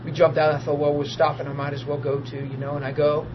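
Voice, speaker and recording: A man tells his testimony like a preacher, his voice pitched high for a man. He drops to near-murmurs and then climbs into loud, tearful laughter. The recording is dull and lo-fi with steady noise behind him. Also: fast talker. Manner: emotional, swings from hushed to loud laughing and crying. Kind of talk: testimony storytelling.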